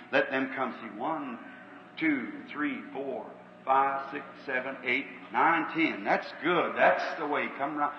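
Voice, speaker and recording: A man's voice: medium pitch, slow, a little hiss or hum. A Southern American preacher leads a revival meeting, earnest and plain-spoken. His voice rings through a big echoey hall with a long tail. The recording is an old, muffled tape from some distance away. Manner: folksy, earnest, calls out numbers to the crowd. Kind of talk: revival sermon and healing line. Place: large auditorium.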